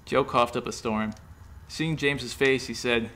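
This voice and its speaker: A man reading a comic horror story aloud in a brisk, deadpan way. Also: mid-range voice.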